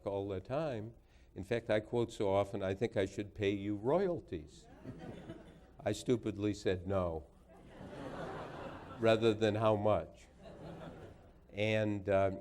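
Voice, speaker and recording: A man's voice: lowish voice, unhurried, darkish tone, slight background noise. Older man telling wry lecture anecdotes. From United States. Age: 60s. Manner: dry, wry humor, building anecdotes to punchlines. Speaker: guest lecturer. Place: lecture hall before an audience.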